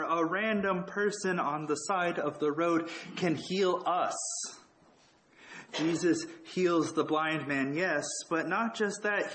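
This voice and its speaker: A man giving a relaxed, reflective sermon with touches of humor. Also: on the high side, slight background noise, poor audio. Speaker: preacher. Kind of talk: conversational sermon.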